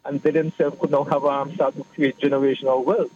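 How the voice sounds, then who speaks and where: A man's voice: medium pitch, flat delivery, darkish tone. Man over muffled radio. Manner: measured, explanatory, repeats phrases. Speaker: political guest. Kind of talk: radio talk discussion. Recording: muffled radio broadcast with faint hiss.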